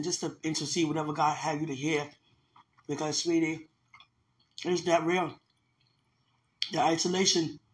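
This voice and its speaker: A man talking casually to his viewers while he cooks at home, earnest and religious, rambling and laughing often. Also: on the high side. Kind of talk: casual livestream chat while cooking. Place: home kitchen. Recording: roomy echoey kitchen, faint dish clatter.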